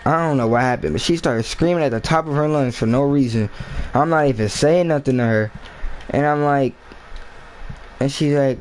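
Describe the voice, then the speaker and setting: A man's voice: medium pitch, fairly quick, a little hiss or hum, poor audio. Slangy man telling a story. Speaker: vlogger. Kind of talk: casual storytime vlog.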